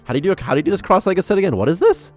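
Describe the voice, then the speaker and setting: A man's voice: high-pitched, animated, very fast, a little mellow, soft background music, pitched above the performer's own voice. This is a little boy at his first martial arts class, wide-eyed and lost as he works out how to sit cross-legged, put on by a man telling the story. The voice jumps well above the teller's own and asks one wondering question after another. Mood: puzzled.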